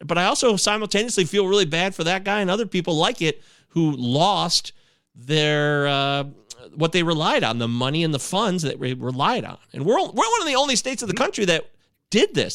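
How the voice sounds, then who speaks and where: Animated joking man with a lively voice. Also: fairly high pitch, fairly quick, no echo, clean studio sound. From Michigan. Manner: animated, joking, stumbles over words while reading aloud. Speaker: podcast host. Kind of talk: casual podcast chat, reading listener emails.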